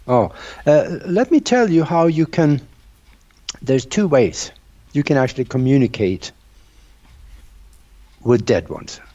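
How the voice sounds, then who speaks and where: A man's voice: mid-range voice, expressive, slow, long pauses, warm tone. A man interviewed as a researcher, explaining his ideas and telling stories in an earnest, conversational way. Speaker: guest researcher. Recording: dull lo-fi sound.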